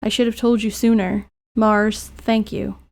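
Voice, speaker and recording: A woman reading game dialogue as a gentle, apologetic spirit of a young man, speaking soft and solemn. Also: medium pitch, little pitch movement, a little slow, vocal fry.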